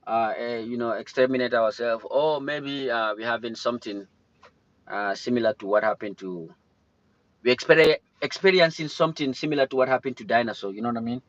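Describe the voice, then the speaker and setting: Young male streamer, mid-pitched, loose rambling chat, dry close sound. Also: fairly quick, no echo, highs cut off. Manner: rambling, greets chat viewers mid-thought. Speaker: livestream host. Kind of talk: casual live-stream chat. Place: in or near his car.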